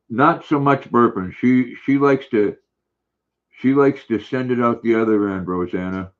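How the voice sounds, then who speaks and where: An older man hosting a casual livestream, reading viewer comments aloud in a relaxed, friendly, chatty way. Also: medium pitch, a little slow. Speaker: livestream host. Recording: dull lo-fi stream audio.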